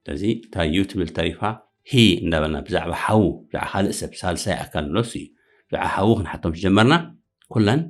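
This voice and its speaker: A man with a very low, deep voice gives a beginners' English lesson. He speaks quickly overall and slows right down to repeat each practice phrase. Soft music plays behind him. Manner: repeats English phrases slowly and loudly, then explains quickly in another language. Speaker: English teacher.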